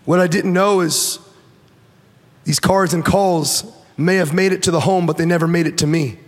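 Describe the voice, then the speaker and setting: High-voiced man telling his story. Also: normal speed, in a large hall. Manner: animated storytelling, acts out quotes, repeats and restarts. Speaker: guest speaker. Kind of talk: personal testimony to a church audience.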